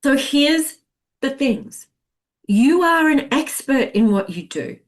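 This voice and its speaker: A sales coach leads a masterclass in a high-pitched voice, taking her time. She's expressive and conversational, acting out the thoughts running through clients' heads.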